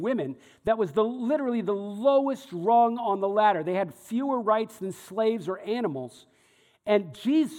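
A man's voice: high-pitched, a little mellow. A male pastor teaching a sermon, reading scripture aloud and explaining it conversationally. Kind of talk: sermon teaching through a Bible passage. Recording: long hall reverb.

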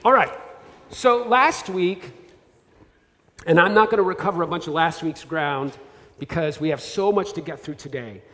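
A man in his thirties preaches from a church stage, his voice sitting a bit higher than most men's. He keeps it conversational and self-deprecating, full of asides and restarts. The hall rings with long reverb. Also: fairly quick, a bit bright. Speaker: pastor. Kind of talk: sermon. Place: church sanctuary.

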